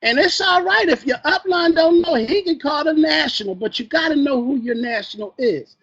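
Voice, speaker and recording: A man giving a motivational sales training talk, energetic and preacher-like, quizzing his audience as he goes. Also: very high-pitched, moderate pace, highs cut off. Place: training event room.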